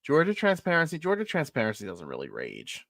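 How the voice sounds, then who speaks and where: A man's voice: mid-range voice, huge pitch swings, fairly quick, creaky, fairly bright tone, dry recording. A man co-hosting a live stream, talking casually and rambling to his viewers. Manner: rambling, chatty, laughs often.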